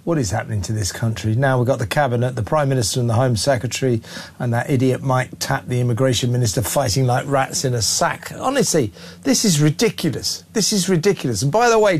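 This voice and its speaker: A man with a somewhat raised voice hosts a talk radio phone-in. He speaks bluntly and with open scorn, and he often talks over his callers. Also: a little high. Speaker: radio talk show host.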